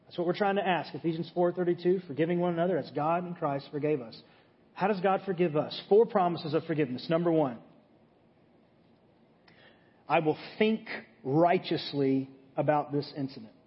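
A man with a high voice preaches to his congregation, talking it through plainly and pausing to ask "okay?" as he goes. His words ring out with a long reverb in a large hall. The sound is a bit muffled. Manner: conversational teaching, frequent "okay?" check-ins. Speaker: pastor. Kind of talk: sermon.

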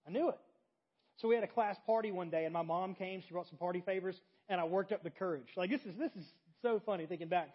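A young adult man preaching a sermon, telling a story with big swings between loud animated moments and quiet intimate ones. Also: high-pitched, fast talker, breathy edge, highs cut off. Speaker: pastor.

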